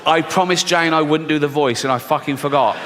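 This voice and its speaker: A man's voice: a little high, brisk, fairly bright tone. A man performing stand-up comedy, telling crude, sardonic stories full of swearing. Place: live comedy venue on stage. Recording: live hall reverb, faint noise.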